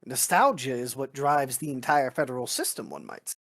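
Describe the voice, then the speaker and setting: A man's voice: medium pitch, expressive, a little fast, fairly bright tone. Guy doing a preachy political officer, formal and lecturing, voice swings up and down a lot. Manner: formal, pedantic, debating. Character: stern male political officer, lecturing comrades. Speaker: tabletop role-play player. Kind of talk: in-character role-play chat.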